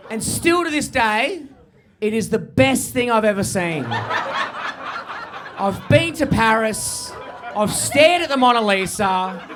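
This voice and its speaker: A man with an Australian accent performing a stand-up set into a handheld mic, with loose, high-energy storytelling. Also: sing-song, slow pace, long pauses, noisy background. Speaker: stand-up comedian.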